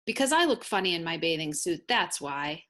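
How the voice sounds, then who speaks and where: A timid little toad who always expects the worst speaks softly and low, with a mopey heaviness in every line, as a woman puts him on while reading. It is a storybook voice, gentle and glum. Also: sing-song, moderate pace. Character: gentle gloomy male toad, small, shy. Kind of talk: read-aloud storybook.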